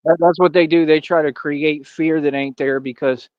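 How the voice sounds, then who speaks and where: A man's voice: fairly high pitch, steady tone, normal speed, muffled recording, a little hiss or hum. A young adult man, from Austin, delivering a boastful, taunting live-stream monologue full of slang and repeated catchphrases. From Austin, Texas.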